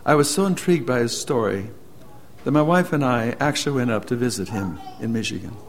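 A male preacher at mid pitch tells a story in his sermon, earnest and direct. He swings from loud, emphatic phrases to quiet, drawn-out lines. A faint background hum sits under his voice. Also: lively intonation.

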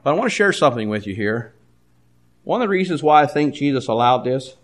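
An older man preaching a sermon, dropping to a hush and then rising loud, often stammering into repeats. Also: mid-range voice, sing-song, echoey room. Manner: swings between hushed and loud, halting repeats.

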